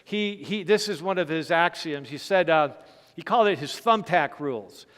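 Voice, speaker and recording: A middle-aged man delivers a health seminar lecture in a high, smooth, resonant voice. He explains emphatically and stresses key points. The sound carries a long reverb from a church hall. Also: lively intonation, moderate pace, fairly bright tone. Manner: explanatory, checks in with "Okay" and "Right?". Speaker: physician giving a health seminar.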